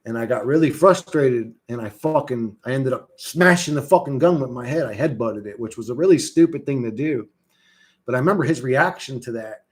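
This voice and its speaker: A middle-aged man chatting casually on a livestream, reading chat and telling stories in a rambling, profane way that swings between loud and quiet. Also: mid-range voice, fast.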